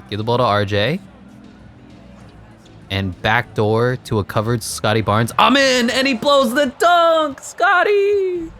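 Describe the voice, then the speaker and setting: A man giving casual, excitable commentary over his own gameplay, laughing at the game and mocking himself. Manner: excitable, voice jumps high when hyped. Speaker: gaming commentator.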